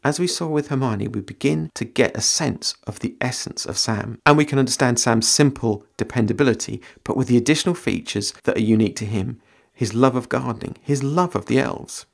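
A man hosting a podcast on creative writing, explaining in a measured, thoughtful way and reading passages aloud. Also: mid-range voice, gravelly.

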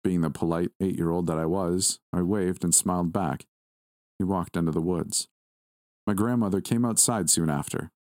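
Man narrating creepy story, real low voice, dry close sound, steady pace. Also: no room sound. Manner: measured, steady reading. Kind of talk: scripted first-person horror narration.

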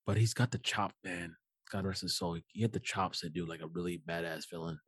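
A man's voice: low-pitched, brisk, a bit bright, breathy edge, dry recording. A man in his late forties chatting casually with a friend about a movie, loose and profane in his banter. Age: 40s. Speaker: podcast co-host watching a movie. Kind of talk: casual chat.

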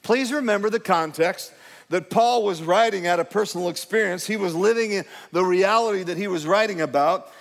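In a church sanctuary that sounds like a large hall, a pastor preaches a sermon to his congregation. His high, creaky voice moves briskly, and his delivery is conversational but emphatic.

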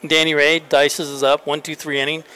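A man, a college baseball coach and guest, telling a story in a casual interview on a convention floor, animated and full of fillers and restarts. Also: fairly high pitch, moderate pace, smooth, poor audio.

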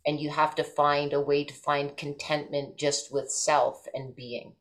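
Woman guest, casual talk; deep for a woman, thoughtful, tails off quietly. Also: little pitch movement, unhurried. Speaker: podcast co-guest. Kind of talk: casual chat among friends.

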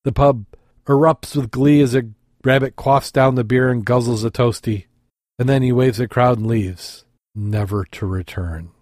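A man's voice: mid-range voice, steady tone, moderate pace, darkish tone, no room sound, clean studio sound. A man hosting a show, telling a long joke in a rambling way, correcting himself and laughing at his own slips.

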